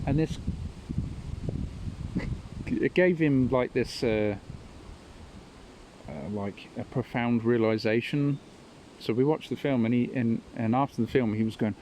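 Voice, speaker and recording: A man tells stories in an unhurried, rambling monologue, with a low, warm tone. He often chuckles at his own stories, and there is a faint ambient hiss behind him. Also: low-quality recording. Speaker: podcast host. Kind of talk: casual storytelling monologue.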